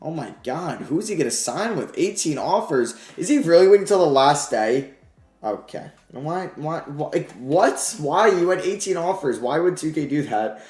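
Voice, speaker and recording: A man talks through his video game run in a casual, running commentary. He swings between excited shouting and low, grumbling asides. The recording has a noticeable room echo. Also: normal speed. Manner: excitable, shouts at wins, then mutters and grumbles. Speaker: gaming YouTuber.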